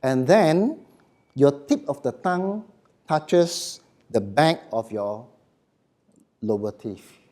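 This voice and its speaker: A man's voice: mid-range voice, sing-song, slow, pauses often, darkish tone. A middle-aged man giving a live voice workshop in short, emphatic phrases, often checking in with the audience. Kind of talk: live seminar lecture.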